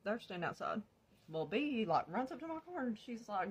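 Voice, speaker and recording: Husky woman telling a story. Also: mid-range voice, moderate pace. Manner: animated, profane, laughs often, addresses viewers as y'all. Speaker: vlogger telling her life story. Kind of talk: casual storytime monologue.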